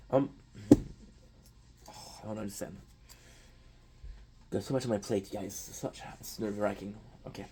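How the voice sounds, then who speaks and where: A man's voice: fairly low pitch, a little mellow, a little hiss or hum, rough recording. A man casually retelling an anime story, with lots of restarts and offhand swearing. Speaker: anime commentator.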